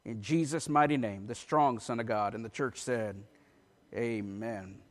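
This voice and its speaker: A pastor preaching a sermon in a church, reading scripture aloud with an emphatic delivery. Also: male voice, mid-range voice, a little slow. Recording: long reverb of a large hall.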